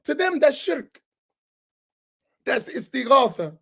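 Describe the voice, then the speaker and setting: Imam guy teaching a class, kinda raspy fry in his voice, sarcastic, firing off rhetorical questions. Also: very high-pitched, very animated, slow pace, a bit bright. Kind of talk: heated religious lesson, argumentative.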